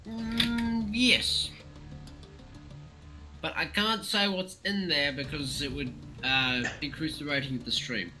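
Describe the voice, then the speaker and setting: A man's voice: on the high side, fairly even intonation, takes it slowly. Giggly man on voice chat, music behind. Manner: giggly, self-mocking. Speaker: friend on voice chat. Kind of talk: casual gaming stream chat.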